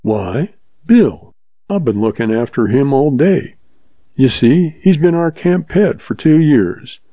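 A man voicing a smooth-talking young cowboy with an earnest, folksy drawl, read from a storybook. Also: mid-range voice, animated, slow, mellow, dry recording, muffled recording, voice pushed up.

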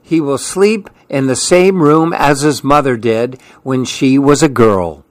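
A man's voice: mid-range voice, unhurried, no echo, natural voice. A man reading a fond old grandmother. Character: fond grandmother making a bed.

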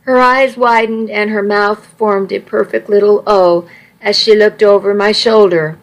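A woman narrates a first-person story with a wry, self-mocking touch. She reads slowly and evenly at a middle pitch, with a noticeable gravelly fry at the ends of her phrases. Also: steady tone, low-quality recording. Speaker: audiobook narrator.

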